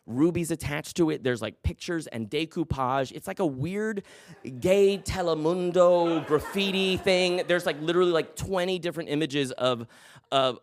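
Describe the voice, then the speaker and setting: A man telling a personal story on stage, animated, acting out the people in it. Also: medium pitch, vocal fry, no echo, clean studio sound. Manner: animated, acts out quotes. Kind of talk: live storytelling.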